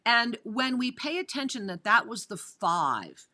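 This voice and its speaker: Woman hosting spiritual radio, bright voice, a bit high, keeps talking to the listeners. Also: sing-song, a little slow. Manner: enthusiastic, addresses listeners directly. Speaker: host. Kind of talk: spiritual talk radio discussion.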